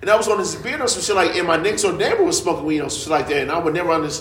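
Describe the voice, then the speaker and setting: Animated, laughing young man telling stories. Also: rapid-fire, roomy sound. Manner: laughing storyteller, slangy, swings into high-pitched quoted voices. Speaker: podcast host. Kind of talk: casual chat.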